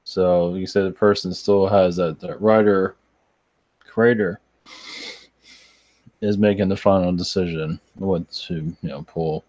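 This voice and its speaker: Low-voiced, tired, halting man channeling. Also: fairly even intonation, darkish tone, dry recording. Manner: rambling, halting, with many restarts and fillers. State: tired, yawning. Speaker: spiritual channeler. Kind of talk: live chat answering viewer questions.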